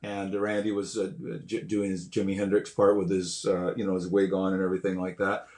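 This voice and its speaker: An older man, a guest musician, telling stories in a casual way, animated and swearing, acting out quotes and sounds. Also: low-pitched, a little fast. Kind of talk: casual storytelling. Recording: roomy echo.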